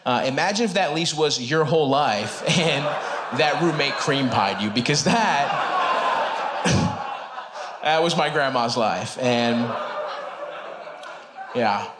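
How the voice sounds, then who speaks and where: A man working a comedy club stage through a handheld mic, telling stories in a relaxed, conversational way. He laughs along with himself and jumps up in pitch and volume to land his jokes. Clear background noise hangs over the recording. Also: slow pace, pauses often. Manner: conversational, breaks into laughter, punches up lines with sudden loud jumps. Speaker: stand-up comedian. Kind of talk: stand-up comedy set. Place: comedy club stage before a live audience.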